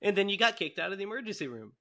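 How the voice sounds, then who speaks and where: A man co-hosting a casual podcast with a bright, slightly raised voice. He teases his co-host and keeps things easygoing while signing off the episode. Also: sits high, big pitch swings, very fast. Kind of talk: casual chat.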